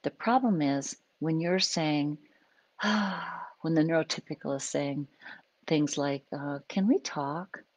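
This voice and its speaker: A woman's voice: sits low, fairly even intonation, unhurried, a little mellow, no echo, poor audio. A woman psychologist hosting a live stream, giving an unscripted, conversational talk and acting out little examples as she explains.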